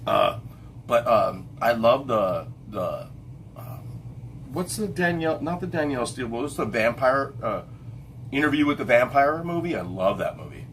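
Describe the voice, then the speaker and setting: A man's voice: mid-range voice, sing-song, moderate pace, fairly bright tone, slight background noise. A middle-aged man hosting a casual late-night livestream chat, rambling and stopping to hunt for names with lots of fillers and restarts. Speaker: livestream host.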